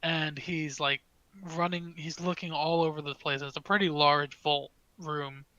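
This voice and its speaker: A man's voice: fairly high pitch, steady tone, measured pace, dull audio, crowd noise. A man narrating a tabletop game as game master, hesitant with many fillers.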